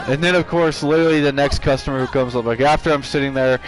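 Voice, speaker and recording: A man's voice: mid-range voice, fairly even intonation, fast talker. A man streaming live, telling a story from work in a rambling, casual way with frequent restarts. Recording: game music playing behind. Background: video game music.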